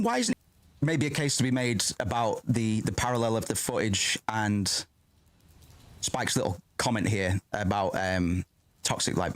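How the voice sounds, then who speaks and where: Excitable rambling man, dry sound. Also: mid-range voice, dry recording. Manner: rambling, excitable, swears often, self-interrupting. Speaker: streamer reacting to a film. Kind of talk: casual reaction commentary.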